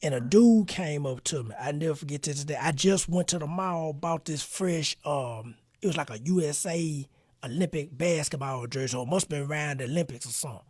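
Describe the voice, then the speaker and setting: A man hosting a podcast interview, telling a story in an animated, slangy way. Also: fairly high pitch, a little fast, slightly rough, no echo. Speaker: podcast host. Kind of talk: casual interview chat.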